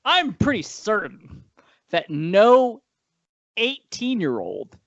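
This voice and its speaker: A man chatting on a movie podcast, rambling from point to point and catching himself mid-sentence. His pitch swings widely as he talks. The sound is dry and a little dull, lo-fi. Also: slow pace, no room sound. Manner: rambling, animated, frequent self-corrections and laughs. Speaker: podcast co-host. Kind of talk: casual movie-review chat.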